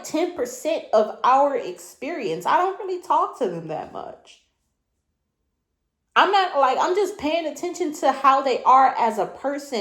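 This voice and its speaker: Higher-voiced woman in an echoey room. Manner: reflective, conversational, circles back with rhetorical questions. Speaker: spiritual reader. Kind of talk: spiritual reading monologue.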